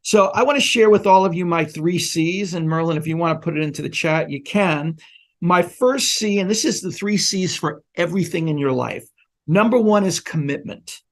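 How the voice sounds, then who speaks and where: A man with a slightly high voice talks at a normal speed. He's a guest educator in a casual conversation, explaining things in an earnest, instructive way.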